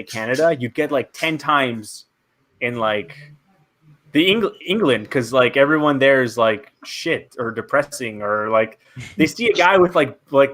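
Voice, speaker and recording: A man chatting as a guest comedian on a podcast, animated and profane, peppering his talk with "like.". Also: mid-range voice. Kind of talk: casual podcast chat.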